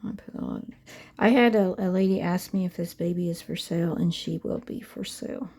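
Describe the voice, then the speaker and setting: The speaker is a middle-aged woman who makes reborn dolls, talking casually to her audience as she paints and often lowering her voice to a half-whisper mid-task. She speaks fairly quickly, with a fairly low, creaky, mellow voice.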